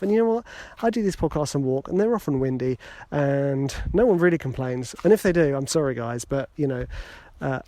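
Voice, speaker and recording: A man's voice: fairly high pitch, dark tone, dry recording. Chatty man talking into his phone outdoors. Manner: chatty, self-deprecating, joking asides. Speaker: podcast host. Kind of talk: casual motivational podcast talk. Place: outdoors, walking in a wood. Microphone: phone held in hand.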